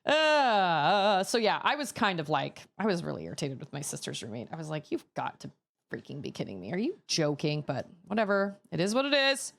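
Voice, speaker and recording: Woman, 30s, streamer, low-ish voice, rambling exasperated storyteller. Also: sing-song, quick pace, gravelly. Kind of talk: casual chat while gaming.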